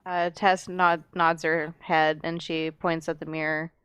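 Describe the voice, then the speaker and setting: A woman playing a tabletop game, describing her character's actions in a measured way. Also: low voice, level tone, a bit bright, clean tone, dry recording. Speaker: player.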